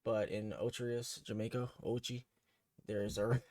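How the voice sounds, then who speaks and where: A man's voice: on the low side, little pitch movement, unhurried, dry recording, clean studio sound. A man hosting a casual reaction video, laid-back, swearing freely and laughing often. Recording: loud background noise.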